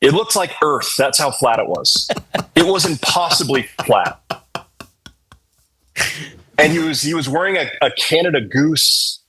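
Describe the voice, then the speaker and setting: A man's voice: on the high side, expressive, normal speed, hardly any pauses, sharp tone, a little hiss or hum, poor audio. A man from New Hampshire, a podcast guest, telling casual stories in a laid-back way, swearing freely, with lots of fillers. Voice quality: husky. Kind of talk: casual storytelling.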